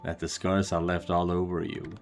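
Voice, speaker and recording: A man reading a cruel, mocking lord from a game, slow and gloating. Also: sits low, little pitch movement, gravelly, faint music behind. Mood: gloating cruelty. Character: cruel sneering male lord, mocking and sadistic.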